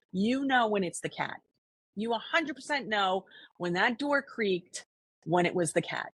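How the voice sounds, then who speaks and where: On a dry recording, a woman with a husky, medium-pitched voice co-hosts a podcast, conversing casually with earnest reflection and frequent restarted sentences.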